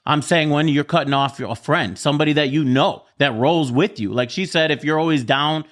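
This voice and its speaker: A man's voice: fairly high pitch, fairly quick, fairly bright tone. A man hosting a casual group discussion, asking blunt, probing questions in profane, everyday speech. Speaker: host.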